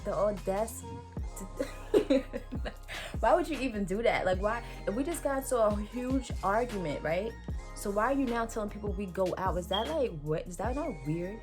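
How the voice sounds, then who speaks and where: A young woman in her twenties recounts a story for her vlog in lively, slang-heavy talk. Her delivery is casual and full of fillers at a middle pitch. Clear background music plays under her voice. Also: normal speed. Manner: animated, slangy, many fillers. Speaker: vlogger.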